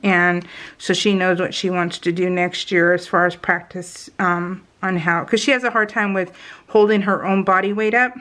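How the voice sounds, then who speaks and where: A woman's voice: fairly low pitch, steady tone, moderate pace, fairly bright tone. A middle-aged woman chatting casually in a voice-over about her family, self-deprecating and laughing often. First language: English. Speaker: scrapbooking vlogger. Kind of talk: casual voice-over while crafting.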